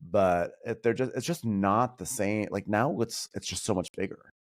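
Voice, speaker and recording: A man guesting on a podcast, chatting about reality TV in an animated, opinionated way and mimicking people he quotes. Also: lowish voice, moderate pace. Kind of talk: casual pop-culture chat.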